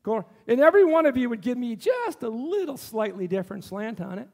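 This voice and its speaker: A male pastor with a notably high voice delivers an impassioned sermon in a church. He keeps turning to the congregation with questions and pressing his point. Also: big pitch swings, fairly quick, a little mellow. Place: church sanctuary.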